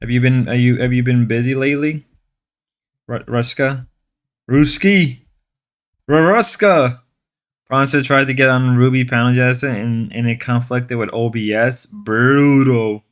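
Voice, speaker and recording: Steady in tone and measured in pace, this streamer's medium-pitched voice is clear and resonant. Yet he rambles, sarcastic and mock-macho as he reads chat, repeating and restarting phrases.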